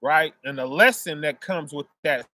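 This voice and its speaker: At a normal speed and with a sharp tone, a fairly high-voiced preacher gives a conversational street sermon. He keeps asking listeners "right?" after almost every phrase and explains through everyday family examples, all in a dry, close recording.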